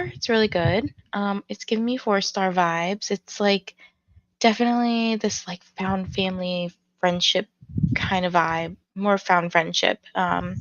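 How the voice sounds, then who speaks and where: A woman's voice: fairly low pitch, dry recording, dull audio. A tired woman who just woke up, hosting a casual reading livestream with her morning voice, rambling with many fillers. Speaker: reading stream host.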